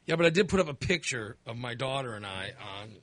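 A middle-aged man chatting casually, telling a story with lively acted-out reactions. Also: medium pitch, fast talker, no room sound. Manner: animated storyteller, acts out his own reactions. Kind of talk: casual chat.

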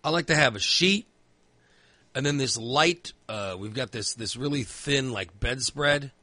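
Man, bright dry voice, rambling casual storyteller who swears a lot. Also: mid-range voice, animated, a little slow, no echo. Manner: rambling storyteller, filler-heavy, swears freely. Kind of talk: casual chat.

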